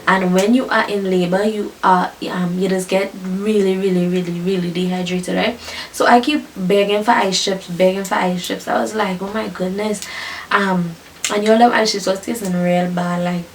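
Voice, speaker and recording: A young woman telling her birth story to viewers in a lively, chatty way, often calling them y'all and laughing. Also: medium pitch, normal speed, recorded from a distance, slight background noise.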